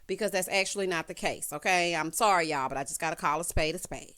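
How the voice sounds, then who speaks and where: A woman hosting a casual recap of a reality show, sassy and animated, often calling viewers honey. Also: on the low side, fast talker, few pauses.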